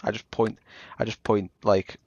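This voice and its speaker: Young Scouse male streamer, rambling chat, lowish voice, dull dry audio. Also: little pitch movement, moderate pace, a little mellow, no room sound. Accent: Liverpool (Scouse). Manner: rambling, chatty, self-interrupting. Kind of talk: casual chat while gaming.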